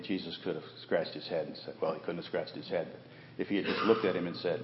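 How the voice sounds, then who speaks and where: A pastor preaching a sermon, rising to loud emphasis and asking the congregation rhetorical questions. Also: male voice, extremely low pitch, fairly even intonation, fast talker, a little hiss or hum. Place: church sanctuary. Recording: echoey hall, dull muffled sound.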